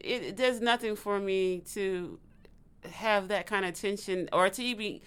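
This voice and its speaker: A woman in casual chat, agreeable and quick to chime in with short replies. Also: medium pitch, a bit bright, clear, resonant tone.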